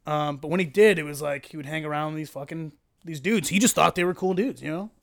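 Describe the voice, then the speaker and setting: A man guest on a podcast, telling a long story in a casual, animated way, swearing and laughing often. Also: on the high side, a little fast, gravelly.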